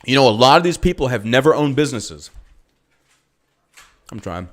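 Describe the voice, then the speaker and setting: His voice sits in the mid-range and has a sing-song lilt at a moderate pace. He's a podcast host and business owner living in Texas, ranting heatedly about politics, cursing freely and throwing out rhetorical questions.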